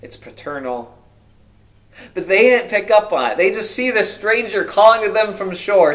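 A male pastor preaching a sermon, asking many rhetorical questions and moving between loud emphasis and hushed, quiet lines. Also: high-pitched, lively intonation, moderate pace.

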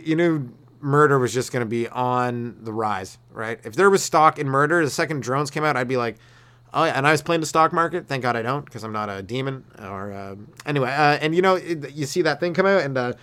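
A male comedian hosting a solo podcast, rambling and cursing through a loose rant, laughing at his own jokes and slipping into quick mock voices. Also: medium pitch, fairly bright tone. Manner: slips into quick mock voices for quoted people.

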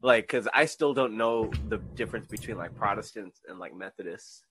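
A man hosting a podcast in casual chat, swearing freely and telling animated stories. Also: lowish voice, moderate pace, soft background music. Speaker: podcast host.

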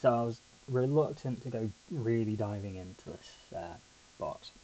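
A man's voice: lowish voice, expressive, normal speed, dark tone, slight background noise, poor audio. A man hosting a podcast on his own, telling a rambling, chatty story full of asides. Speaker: podcast host. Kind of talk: casual solo podcast chat.

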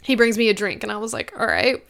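A young woman co-hosting a podcast, telling a personal story in casual chat, animated and swearing, quoting others. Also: mid-range voice, quick pace, creaky. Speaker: podcast co-host.

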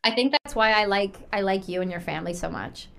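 A woman's voice: mid-range voice, fast, gravelly, a bit bright. A woman from Canada hosting a casual interview, chatty and rambling, with lots of fillers. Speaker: podcast host.

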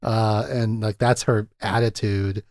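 A man's voice: medium pitch, moderate pace, a little mellow, dry recording, clean studio sound. Chatty laughing male podcast host. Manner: chatty, laughs often, acts out quotes from scenes. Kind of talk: casual film-discussion chat.

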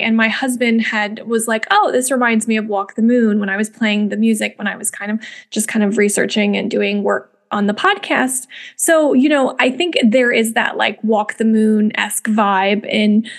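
A young woman hosts a music podcast in a chatty, rambling way, full of fillers and restarts. Her voice sits a little on the high side. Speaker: podcast host. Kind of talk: casual spoken commentary.

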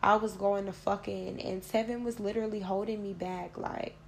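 Flat, gravelly woman telling her story. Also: medium pitch, normal speed, slight background noise. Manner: blunt, profane, conversational. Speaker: podcast host. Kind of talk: candid personal storytelling.

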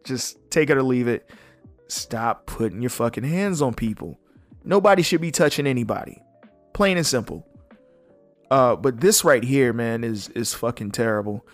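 A young man hosting a casual solo podcast, blunt and animated, swearing freely as he comments. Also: mid-range voice, moderate pace, faint music behind. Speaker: podcast host.

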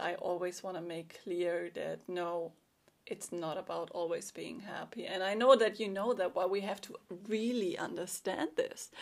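A woman life coach giving an earnest, emotional solo monologue with soft laughs. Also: lowish voice, creaky.

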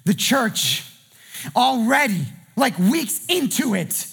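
A man preaching a sermon as pastor, impassioned, often shouting in a sing-song way. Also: very high-pitched, very animated, slow, vocal fry, husky.

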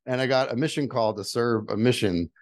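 A man's voice: medium pitch, a little fast, no room sound, clean studio sound. A middle-aged man telling a personal story as a guest, candid and earnest. He repeats phrases for emphasis and builds to emphatic advice. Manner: builds to emphatic, rising delivery when giving advice. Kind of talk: personal storytelling, motivational talk.

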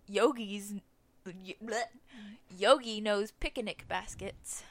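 A woman's voice: mid-range voice, drawn-out words. A teenage girl co-hosting a podcast, giving blunt opinions and giggling often. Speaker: podcast co-host. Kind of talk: casual chat.

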